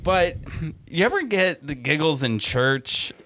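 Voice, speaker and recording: A man's voice: a little high, very animated, unhurried, sharp tone, a little hiss or hum. A man co-hosting a podcast, telling a story in casual chat and laughing as he acts out the people in it. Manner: laughs through his story, acts out voices. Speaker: podcast co-host.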